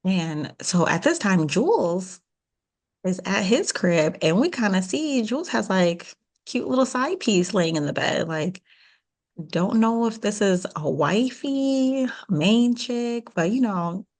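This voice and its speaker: A woman's voice: medium pitch, slow pace. A woman co-hosting a podcast, casually recapping a TV episode and acting out the characters' lines. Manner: animated retelling with quoted voices. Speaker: podcast co-host.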